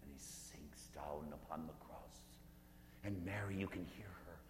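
Brief: male preacher, earnest guided-meditation sermon, roomy echoing hall, faint hum. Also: very deep voice. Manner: earnest, slows down and drops to a hush.

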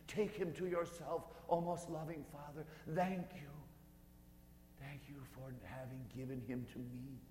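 Sorrowful mother figure in prayer, played by a male preacher, high and imploring, echoey room. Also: natural voice. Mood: tender prayer. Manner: pleading, tender, breaking into anguish. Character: grieving mother Mary pleading in prayer. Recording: echoey hall with faint hum.

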